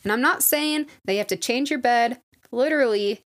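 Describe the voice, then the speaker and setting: A woman's voice: fairly high pitch, moderate pace. Chatty young woman podcaster rambling. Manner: rambling and self-deprecating, many likes and you guys. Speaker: podcast host. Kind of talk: casual solo podcast chat.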